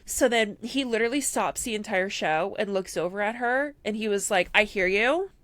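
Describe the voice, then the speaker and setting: A young woman co-hosts a casual podcast and tells a story with lively energy, acting out the voices of the people in it. The recording is close and dry, with no room sound. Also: medium pitch, moderate pace, no room sound. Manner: animated storyteller who acts out quotes. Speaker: podcast co-host. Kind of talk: casual chat.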